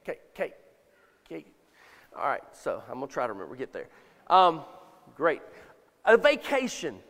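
High-voiced preacher in a reverberant hall. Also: male voice, huge pitch swings, a little slow, creaky, fairly bright tone. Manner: folksy, self-deprecating, repeats words when thinking. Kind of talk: sermon with congregation call-and-response. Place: church sanctuary with long reverb.

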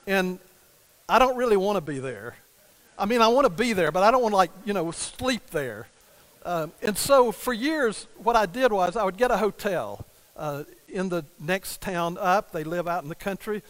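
A man's voice: high-pitched, animated, moderate pace, a bit bright, rough recording. An older man preaching a sermon, telling a family story and acting out the quoted dialogue. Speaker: pastor.

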